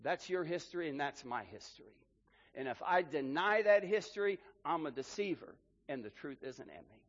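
Pastor, male, high voice, preaching with swings between loud and soft, muffled hall recording. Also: lively intonation, normal speed. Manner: preaching with emphatic rises and drops in volume. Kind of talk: sermon. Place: church hall.

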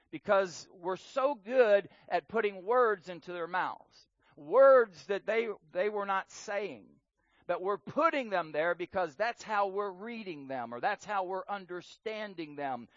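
A man preaching a sermon on marriage in an earnest way, repeating words for emphasis and swinging between loud and soft. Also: high voice, no echo, highs cut off.

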